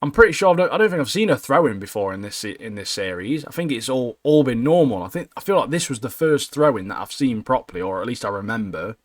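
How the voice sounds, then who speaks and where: A man co-hosting a podcast, talking excitedly and laughing often. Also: medium pitch, fast, few pauses, no room sound, studio quality. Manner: excitable, laughs a lot, says "mate" constantly. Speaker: podcast co-host. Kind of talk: casual chat.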